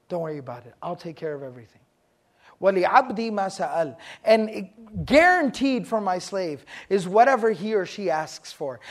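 A man from Texas with a Texan accent, lecturing a class on Quranic Arabic terms in a joking, lively way that quizzes his listeners. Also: sits high. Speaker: Islamic studies teacher.

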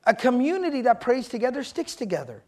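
A man giving a religious lesson to a live audience in a room. He talks in an animated way, quizzes the listeners and repeats points for emphasis. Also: extremely high pitch, quick pace. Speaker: Islamic teacher.

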